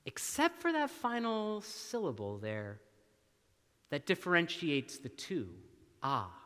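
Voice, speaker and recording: A male minister preaching a sermon, slow and deliberate, with long dramatic pauses. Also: high voice, huge pitch swings, a bit bright, clear, resonant tone. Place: church sanctuary. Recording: long church reverb.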